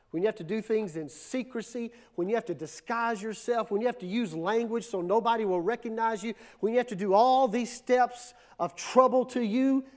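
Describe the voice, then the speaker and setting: High-voiced pastor preaching emphatically. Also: male voice, a little mellow. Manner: emphatic, repetitive preaching with dramatic drops and surges. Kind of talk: sermon.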